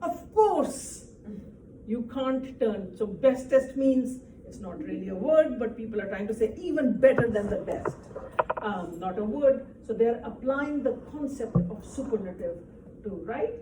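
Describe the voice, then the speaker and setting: A woman teaching a grammar lesson speaks slowly in a fairly high, mellow voice. She explains patiently and keeps checking that the class follows. She is recorded from across an echoey classroom, with faint background noise. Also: expressive. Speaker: English teacher. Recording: echoey room, distant mic, faint noise.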